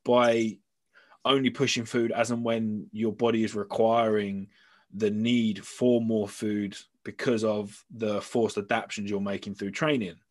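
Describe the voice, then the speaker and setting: Measured man explaining. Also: lowish voice, flat delivery, darkish tone. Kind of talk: casual chat.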